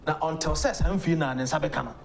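A man's voice: fairly high pitch, fast, gravelly, slight background noise. A man with a Ghanaian accent, a lawyer arguing his points emphatically as a guest on a political talk show. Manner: emphatic, argumentative. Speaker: legal practitioner guest.

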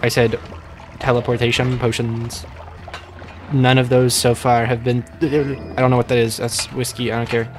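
A medium-pitched, level voice at normal speed belongs to a young man doing casual let's-play commentary, with soft music in the background. He rambles and jokes about his own gameplay, now and then bursting out in panic.

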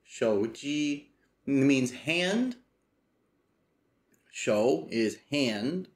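Slow-paced man studying aloud. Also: medium pitch, lively intonation. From United States. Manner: slowly repeats phrases aloud, thinking as he goes. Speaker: language learner teaching himself. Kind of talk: casual study walkthrough.

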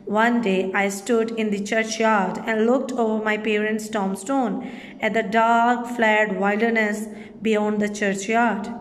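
A woman teacher with a Pakistani English accent giving a recorded reading lesson to children, reading aloud slowly and deliberately. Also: medium pitch, steady tone, in a large hall.

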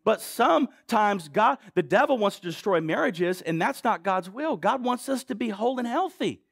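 A middle-aged man delivers a sermon in a high voice with a gravelly edge. He talks to the congregation in a conversational way and keeps putting questions to them. The sound is close and dry, with almost no room echo. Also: lively intonation, fairly bright tone. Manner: conversational, asks the crowd questions, quick asides. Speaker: preacher.

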